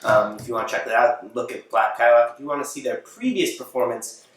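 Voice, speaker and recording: A man's voice: mid-range voice, quick pace. A man hosting a home talk show in his apartment, delivering a casual monologue that rambles, corrects itself and breaks into chuckles mid-sentence. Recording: very echoey room, mic far off.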